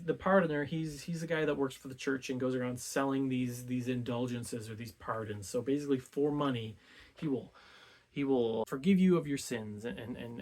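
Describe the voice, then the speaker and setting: Male book-club host, easygoing conversational summary, filler-heavy and relaxed. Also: mid-range voice. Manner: laid-back, peppers speech with "like".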